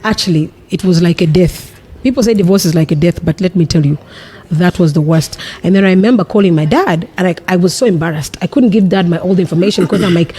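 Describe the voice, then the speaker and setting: A woman from Africa, a podcast guest telling a personal story in a lively, animated way and acting out what was said back then. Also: on the low side, husky. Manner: animated, quick, acts out her own past lines.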